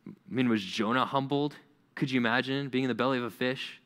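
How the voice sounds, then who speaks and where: Bright-voiced male preacher. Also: mid-range voice, steady tone, a little fast, smooth. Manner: conversational, emphatic with repetition. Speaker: pastor. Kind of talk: sermon.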